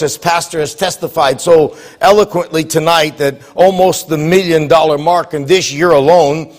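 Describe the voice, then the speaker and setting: High-voiced man preaching a sermon. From United States. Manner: preaching cadence, rising to emphatic calls. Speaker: visiting missionary preacher.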